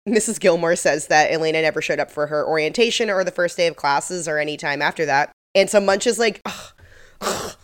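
Brief: female co-host, lower-pitched voice, chatty recap delivery, loose conversational phrasing. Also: fast talker, few pauses, clean tone. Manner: chatty, full of "like" fillers. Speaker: podcast co-host. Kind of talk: casual recap chat.

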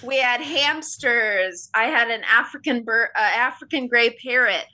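An American woman co-hosting a podcast in casual chat, telling animated stories full of exclamations. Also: on the high side, a little slow. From United States. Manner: animated storyteller, exclamations and swearing. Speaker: podcast co-host.

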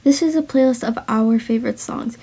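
High-voiced young woman with a slight lisp. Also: brisk, mellow, slightly rough. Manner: rambling, mumbling, trailing restarts. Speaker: partner recording a voice message. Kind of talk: casual heartfelt voice message.

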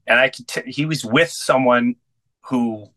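A man's voice: mid-range voice, unhurried, sharp tone, no echo. A middle-aged comedian telling a story as a guest in an interview, earnest and intense, acting out both sides of each conversation he recalls.

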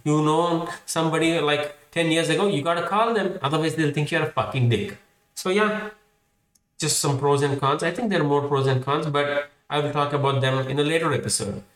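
A man's voice: fairly high pitch, fairly quick, a bit bright. A young man hosting a podcast, delivering a casual comedic monologue in a profane, ranting, wry way. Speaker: podcast host. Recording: roomy, distant mic.

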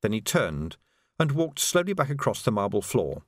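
A man narrating a novel in an expressive storytelling manner. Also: mid-range voice, moderate pace, dry recording. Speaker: audiobook narrator. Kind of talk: scripted narration.

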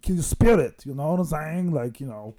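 A man's voice: a little high, expressive, a little fast, mellow, lightly acted. A man doing a comic impression of a boastful bodybuilder, rambling and giggling through mock threats. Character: boastful bodybuilder impression, male, middle-aged, menacing-jolly. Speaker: comedy guest in character.

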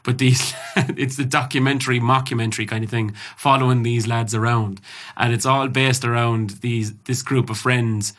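A man's voice: medium pitch, fairly even intonation, moderate pace, few pauses, fairly bright tone. A young Irish man co-hosting a podcast, chatting casually and teasing his friend with frequent laughs. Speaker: podcast co-host. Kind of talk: casual chat.

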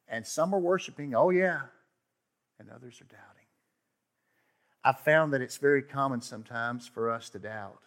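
A man delivers a sermon in a conversational, storytelling way. His pitch sits in a middling range, and he swings between forceful emphasis and quiet, hushed asides. He acts out the people he quotes with sudden outbursts. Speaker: pastor.

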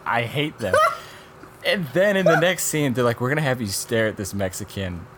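A man casually chatting on a podcast, reviewing documentaries in an animated, rambling way and quoting people as he goes. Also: mid-range voice, brisk, a little hiss or hum. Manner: rambling, animated retelling with quoted voices and laughs. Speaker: podcast co-host.

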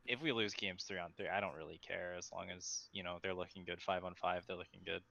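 Deep, bright-toned man on a dry, dull mic. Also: steady tone, brisk, gravelly. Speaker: podcast panelist. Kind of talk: casual sports chat.

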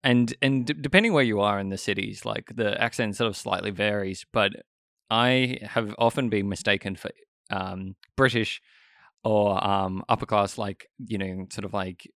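A man's voice: on the low side, moderate pace, a bit bright, no room sound, clean studio sound. An Australian man in his thirties hosting a podcast, chatting casually and rambling with frequent laughs. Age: 30s. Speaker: podcast host.

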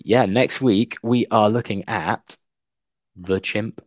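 A young man co-hosting a casual book podcast, telling a plot with lots of "like" and an animated retelling. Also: on the low side, slow, no room sound. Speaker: podcast co-host.

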